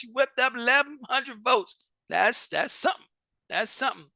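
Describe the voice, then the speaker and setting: A show host reads out vote results on a live stream in a slow, drawn-out way. The voice is bright and forward, with repeated words and restarts, and the sound is dry and close. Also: mid-range voice, expressive, no echo. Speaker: competition coach and show host.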